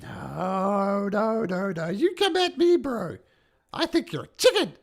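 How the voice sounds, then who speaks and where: A man voicing a tiny mischievous fey creature hiding in a tree, shrill and sing-song, goading and mocking the party. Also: sing-song, takes it slowly, exaggerated voice. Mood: taunting.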